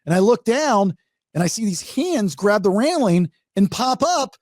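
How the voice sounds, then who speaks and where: A man hosting a podcast, telling a story in a casual, animated way and acting out the quotes. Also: sits high, unhurried, no room sound, clean studio sound. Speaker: podcast host.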